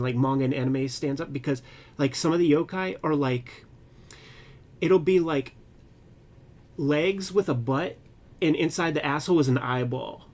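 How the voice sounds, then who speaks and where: A man co-hosting a casual comics chat as a working cartoonist, talking in an animated, loose way with profane, slangy asides. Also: on the high side. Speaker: co-host, cartoonist.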